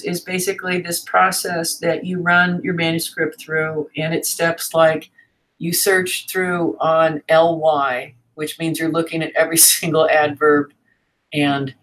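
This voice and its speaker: A woman's voice: sits low, fairly even intonation, unhurried, fairly bright tone, poor audio. A woman teaching a writing class in a frank, chatty way, with fillers and asides. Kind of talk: casual teaching talk.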